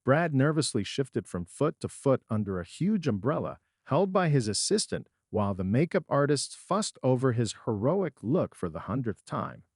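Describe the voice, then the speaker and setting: Brief: middle-aged man, husky tone, animated pitch, measured dramatic story narration. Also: no echo, studio quality.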